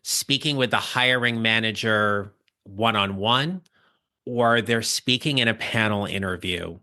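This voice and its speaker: Bright-voiced male podcast host. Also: on the low side. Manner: measured, deliberate questioning. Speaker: podcast host and career coach. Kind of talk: podcast interview questions.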